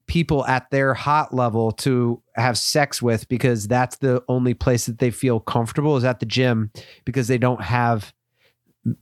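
A man's voice: mid-range voice, no echo. Young guy cohosting a podcast, rambling jokey chat, dry close sound. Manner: rambling, laughing, self-deprecating. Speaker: podcast co-host. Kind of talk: casual comedic chat.

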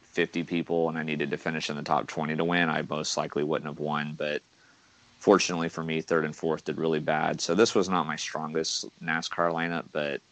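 A man with an extremely deep voice recaps his results on a sports podcast. He talks in a relaxed, easygoing way. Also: a little fast. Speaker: podcast co-host. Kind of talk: casual sports podcast chat.

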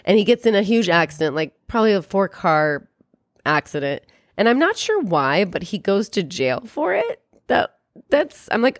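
A young woman with a slightly low voice talks through a film she has watched, in a loose, chatty way. She jumps into quick impressions of the characters' lines. Her voice sounds close and dry, with no room around it. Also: animated, no echo. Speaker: podcast co-host. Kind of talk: casual film recap chat.

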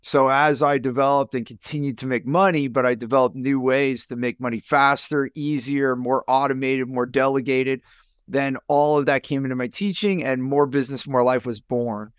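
A man's voice: normal speed, smooth. A middle-aged man tells his personal story as a guest on a podcast, with a mid-range voice that leaps upward when he plays out remembered conversations. The sound is dry and close, with no room echo. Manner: animated storyteller, rises sharply in pitch when acting out quoted people. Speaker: podcast guest, business coach.

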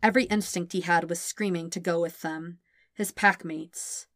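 A woman reading a fan fiction audiobook in a steady, gentle storytelling manner. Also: lowish voice, normal speed, no room sound, studio quality. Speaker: podfic reader.

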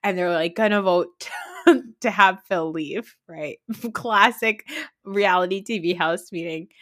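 A woman hosting a podcast, recapping reality TV in a casual chat, excitable and laughing through her sentences while swearing freely. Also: on the low side, takes it slowly, no echo, studio quality. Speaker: podcast host.

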